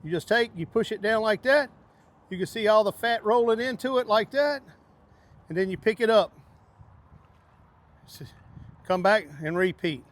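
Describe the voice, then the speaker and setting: A man hosting a casual outdoor cooking demonstration, talking in a hearty, excitable way with drawn-out exclamations. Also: high-pitched. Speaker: cooking show host.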